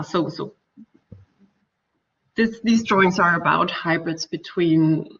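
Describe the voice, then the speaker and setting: Slow hesitant Danish-accented woman. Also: fairly low pitch. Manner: hesitant, many fillers and restarts. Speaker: architecture lecturer. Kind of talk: academic talk. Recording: distant dull lo-fi recording.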